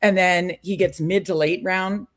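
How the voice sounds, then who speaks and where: A woman's voice: fairly low pitch, fairly even intonation, a little slow. A woman co-hosting a live stream, chatting casually and upbeat with many fillers. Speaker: podcast co-host.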